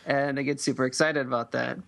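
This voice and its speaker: A man's voice: medium pitch, a little fast, gravelly. A man recapping comics in easy, loose casual chat, full of fillers. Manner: relaxed, loose, many fillers. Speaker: podcast co-host.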